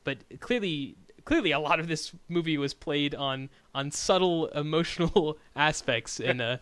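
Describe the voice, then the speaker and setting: A man co-hosting a casual film review podcast, rambling with frequent restarts and animated retellings. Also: on the high side, normal speed, smooth, no echo. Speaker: podcast co-host.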